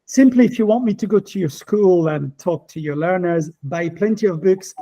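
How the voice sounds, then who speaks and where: A man's voice: high-pitched, normal speed, mellow, poor audio. A man presenting his book to teachers in an online talk, speaking with passion and enthusiasm.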